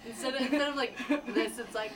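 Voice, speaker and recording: A woman's voice: on the high side, fairly even intonation, quick pace, a little hiss or hum. A young woman teasing her friends and laughing, filmed on a friend's camera. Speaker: friend in a home video. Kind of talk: casual teasing banter. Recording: distant home-video recording over chatter.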